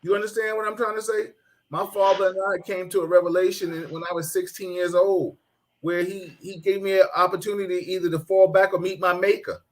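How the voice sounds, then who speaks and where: A middle-aged man hosts a casual talk show, his voice sitting slightly higher than most men's. He tells personal stories with lots of energy, laughing and mimicking the people in them. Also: brisk. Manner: animated storyteller who laughs and mimics people. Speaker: host.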